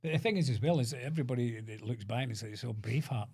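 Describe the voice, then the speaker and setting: A middle-aged Scottish man with a husky voice, talking fast in a relaxed podcast chat. He tells stories and slips into quick impressions of the people in them. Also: medium pitch. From Scotland. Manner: storytelling, mimics people he quotes. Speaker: guest actor.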